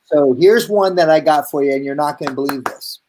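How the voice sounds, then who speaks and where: A man hosting a casual video-call chat, telling stories with lively acted-out bits. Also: fairly high pitch, fairly quick. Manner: animated storyteller, acts out voices in his anecdotes. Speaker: host, hair educator.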